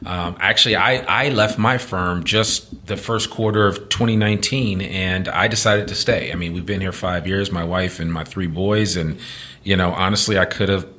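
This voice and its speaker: A man's voice: low-pitched, fairly even intonation, moderate pace, pushed and bright, slight background noise. A middle-aged man hosting a casual podcast interview in a coworking studio, talking loosely with fillers and restarts. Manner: conversational, many restarts and fillers. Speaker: podcast host.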